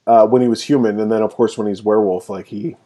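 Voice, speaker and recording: A man co-hosting a film podcast remotely, retelling scenes with lively quoted voices and frequent laughter. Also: fairly low pitch, fast talker. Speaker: podcast co-host. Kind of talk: casual film review chat. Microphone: remote recording.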